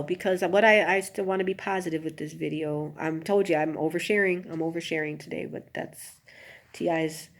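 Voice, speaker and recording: A woman's voice: low-pitched, creaky. A woman telling personal stories in a confessional vlog, talking straight to her viewers with many asides and turning emotional. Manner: emotional, rising to an anguished near-shout, then subdued. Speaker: vlogger.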